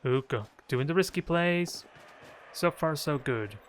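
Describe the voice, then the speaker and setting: A man's voice: a little high, lively intonation, a little slow, a little hiss or hum. Playful man commentating a video game. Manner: playful, jokey trash talk. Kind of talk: casual gameplay commentary.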